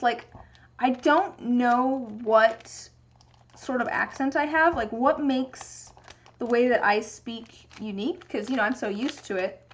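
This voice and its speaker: A young woman from the US Pacific Northwest chatting casually and thinking aloud during a livestream from her home craft workspace. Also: on the high side. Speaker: streamer making resin dice.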